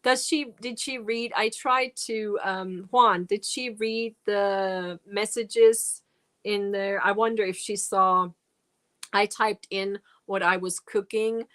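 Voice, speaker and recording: Woman, unhurried speech, rambling friendly chat, laughs often, live-stream host. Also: medium pitch, steady tone, fairly bright tone. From Germany. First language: German. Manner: chatty, rambling, laughs often, reads and answers comments. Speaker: crochet channel host.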